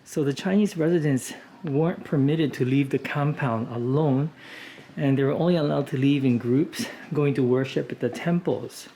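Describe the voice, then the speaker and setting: Relaxed male vlogger guiding a walk. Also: medium pitch, normal speed, slight background noise. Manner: relaxed, informative, with frequent "uh" and "you know" fillers. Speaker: travel vlogger and walking tour guide. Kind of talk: casual walking tour narration. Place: outdoors on city streets.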